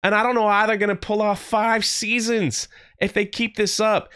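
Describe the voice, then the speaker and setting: A man hosting a casual online review, talking bluntly and sounding exasperated as he retells scenes with quick voiced asides. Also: high voice, flat delivery, fairly bright tone, smooth. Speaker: YouTube show host reviewing a TV series.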